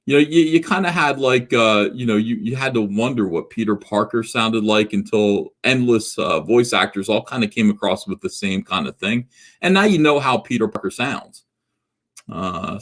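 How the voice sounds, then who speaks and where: Fairly low in pitch and a bit bright, this man's voice hosts a casual livestream. In his forties, he reads out viewer comments, rambling and mocking himself, with many restarts and filler words.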